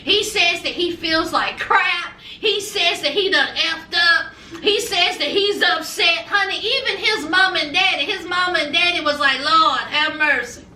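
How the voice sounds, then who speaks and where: A woman's voice: very high-pitched, a little slow, pushed and bright, distant mic, a little hiss or hum. A woman reviewing reality TV in a casual, sassy vlog, calling her viewers honey and y'all. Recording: roomy echo, a bit off-mic.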